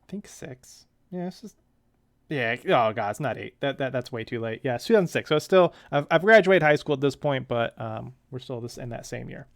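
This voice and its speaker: A man's voice: mid-range voice, expressive, fairly quick, no room sound, clean studio sound. A man in his thirties reading a comic aloud and commenting on it in a chatty way, with wry asides.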